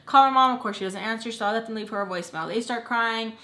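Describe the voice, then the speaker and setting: A young woman spins a long story in a bright, forward voice. She talks casually and quickly switches into playful voices whenever she quotes someone. The mood stays loose and chatty. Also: on the high side. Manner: animated, slips into voices for the people she quotes. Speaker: storytime vlogger.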